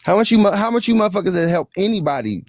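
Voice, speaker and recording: A man's voice: sits high, animated, rapid-fire, no room sound, clean studio sound. A man arguing heatedly in a live online debate, aggressive and profane, repeating himself and hurling threats. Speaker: social media personality in a live debate.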